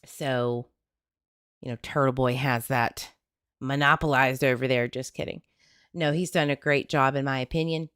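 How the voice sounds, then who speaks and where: Chatty Southern woman livestream host, low voice, dry close sound. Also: steady tone, normal speed, a bit bright, clear, resonant tone, no echo. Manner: chatty, greets viewers by name, jokey asides. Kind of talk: casual livestream chat.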